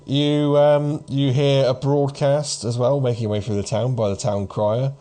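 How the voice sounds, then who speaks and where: A man's voice: medium pitch, fairly even intonation, measured pace, mellow. Rambling man in his thirties. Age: 30s. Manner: rambling, hesitant, many fillers. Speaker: game master. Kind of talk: narrating a tabletop game.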